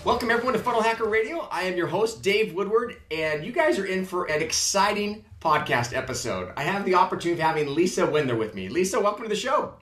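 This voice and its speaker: A man's voice: high-pitched, expressive, fast, few pauses, a bit bright, faint music behind. A man hosting a podcast interview in an upbeat, welcoming manner. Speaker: podcast host. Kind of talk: casual interview. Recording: roomy echo.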